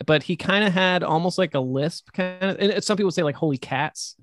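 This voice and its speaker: A man's voice: sits high, fairly quick, fairly bright tone, dry recording, clean studio sound. A man, a horror author and podcast guest, telling rambling stories in casual chat and swearing casually.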